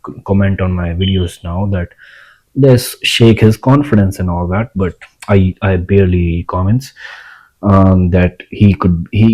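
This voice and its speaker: A man's voice: fairly low pitch, mellow, poor audio. A man giving casual self-help advice in a blunt, rambling way, swearing freely. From India.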